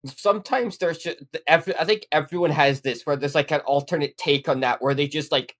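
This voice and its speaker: A man's voice: a little high, brisk, a bit bright. A man co-hosting a podcast in casual chat, making wry, joking asides. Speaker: podcast co-host.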